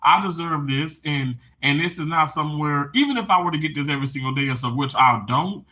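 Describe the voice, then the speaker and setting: A man live streaming casually to his chat, emotional and animated, laughing and tearing up as he talks. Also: a little high, fairly quick.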